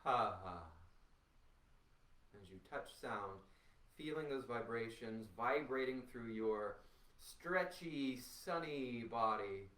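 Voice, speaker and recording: Slow, soothing male voice teacher. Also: mid-range voice, expressive, fairly bright tone. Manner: slow, soothing instructions with long pauses. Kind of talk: guided voice warmup. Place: home room. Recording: roomy sound from a distance.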